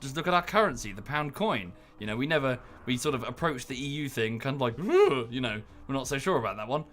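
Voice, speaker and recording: A British man chatting casually while he streams a game, rambling with lots of fillers and jumping into high, exaggerated voices when he quotes people. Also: quick pace, fairly bright tone. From United Kingdom.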